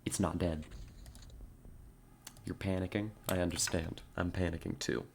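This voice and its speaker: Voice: low-pitched, fairly even intonation, a little slow, vocal fry, slight background noise. A streamer giving live gameplay commentary, wry and self-mocking, muttering orders to their soldiers. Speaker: game streamer.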